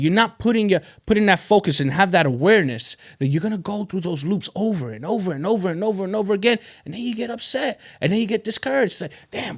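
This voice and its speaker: A man hosting a podcast, telling a motivational story in a loose, conversational way, often repeating himself and checking in with "right?". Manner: animated, swings in pitch and loudness. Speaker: podcast host.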